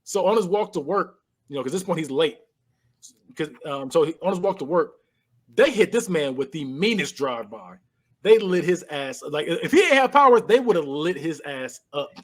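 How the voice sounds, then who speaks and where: A man co-hosting a podcast, casually retelling a movie scene by scene and acting out the characters' lines with lively voice changes. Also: a little high, moderate pace. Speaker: podcast co-host. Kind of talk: casual movie recap chat.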